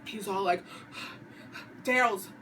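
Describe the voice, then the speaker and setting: A woman's voice: mid-range voice, slow pace, fairly bright tone, recorded from a distance, a little hiss or hum, low-quality recording. A woman vlogger giving a dramatic casual recap of a TV episode, acting out the characters' lines. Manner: dramatic storyteller who acts out lines. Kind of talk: animated casual recap with acted quotes.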